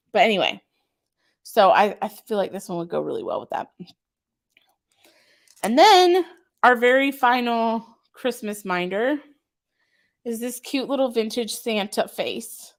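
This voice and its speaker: A woman's voice: medium pitch, gravelly. Gushing woman hosting a live shop stream. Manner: chatty and gushing, lots of filler ums; reads out viewer comments and answers them. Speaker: craft shop owner hosting a live sale. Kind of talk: casual live-stream chat.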